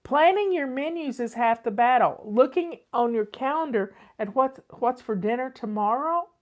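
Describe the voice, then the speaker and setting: A woman's voice: sits high, expressive, moderate pace. An older woman, chatting casually and repeating herself as she answers viewer questions as host. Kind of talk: casual advice chat.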